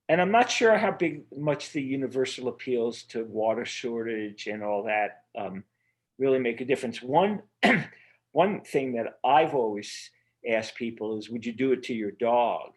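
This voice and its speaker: An earnest man speaking as the guest of a remote interview, his voice sitting at a middling pitch. He rambles, circles back and restarts his thoughts with plenty of fillers. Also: lively intonation, measured pace. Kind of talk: casual interview conversation.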